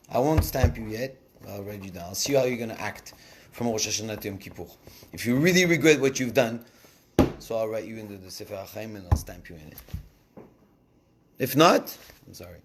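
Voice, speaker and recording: A man giving a casual Torah lesson, telling the story in an animated way and switching between languages. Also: on the low side, a little fast, long pauses, a little hiss or hum. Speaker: Torah teacher.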